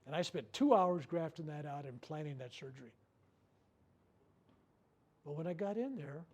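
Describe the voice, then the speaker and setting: An older man giving a workshop talk, telling a personal story with lively acted-out quotes and repeated words. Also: fairly high pitch, moderate pace. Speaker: workshop speaker. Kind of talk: storytelling talk to a live group.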